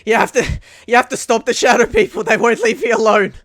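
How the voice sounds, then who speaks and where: A man's voice: very high voice, quick pace, a bit bright, pitched above the performer's own voice. A man shrieking as a frantic paranoid woman patient. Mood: pleading. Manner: shrieking, pleading.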